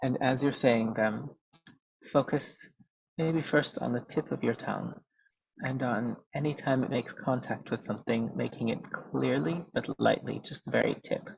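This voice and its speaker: A man's voice: medium pitch, normal speed, gravelly, breathy edge, no echo. A man, a vocal coach, explaining technique methodically over a video call with many ums. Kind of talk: webinar teaching. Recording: dull lo-fi video call audio.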